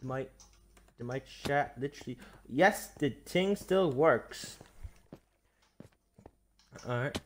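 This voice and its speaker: A man's voice: mid-range voice, slow, pauses often, a little hiss or hum. A man teasing and coaching a friend through a game during a casual stream. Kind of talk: casual gaming chat.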